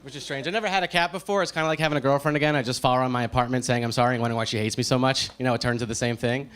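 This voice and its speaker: A man in his thirties from New Jersey doing a nervous stand-up set on a comedy club stage, halting and full of fillers. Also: mid-range voice, steady tone, a bit bright, clean tone. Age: 30s.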